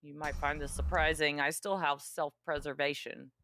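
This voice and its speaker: A tabletop player voicing Pyre, a guarded female fighter who long fought alone, speaking haltingly with restarts. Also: mid-range voice, level tone, pushed and bright, a little hiss or hum. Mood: confessing. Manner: halting, stammering confession. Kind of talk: tabletop role-play.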